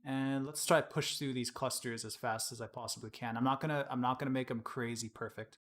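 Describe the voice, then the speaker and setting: A man casually explaining his work on a live-streamed software tutorial, chatting and laughing at his own slips. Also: medium pitch, fairly even intonation, fairly quick. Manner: casual, laughs often, self-deprecating.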